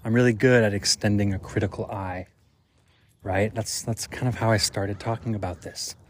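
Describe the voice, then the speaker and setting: A man's voice: lowish voice, steady tone, moderate pace, slight background noise. A man hosting a podcast alone, recorded outdoors while on a walk. He muses and thinks aloud in a reflective monologue, full of fillers. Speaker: podcast host.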